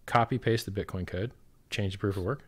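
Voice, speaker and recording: A man in a loose, profane conversational rant, his voice jumping between loud exasperated bursts and low, grumbling asides. He mimics others sarcastically and swears in nearly every sentence. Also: a little fast, breathy edge. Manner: swears constantly, loud outbursts and sarcastic quotes. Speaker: crypto project founder, guest. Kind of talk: profane animated ranting in casual chat.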